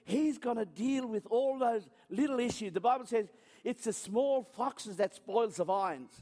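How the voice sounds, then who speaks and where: A man's voice: very high voice, measured pace, mellow, long reverb tail. A man preaching a sermon through chatty, self-mocking stories, often stopping and restarting his sentences. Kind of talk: storytelling sermon.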